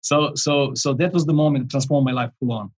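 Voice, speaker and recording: A man in his forties, a life coach, telling a story in a podcast interview, animated and rambling, with frequent restarts and chuckles. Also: mid-range voice, fairly quick, slightly rough, low-quality recording.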